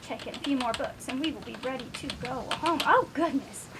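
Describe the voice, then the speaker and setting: A woman's voice: high voice, brisk, very noisy. A woman voicing a genteel, flustered female vampire librarian in a comic sketch, talking politely and apologetically in a put-on accent.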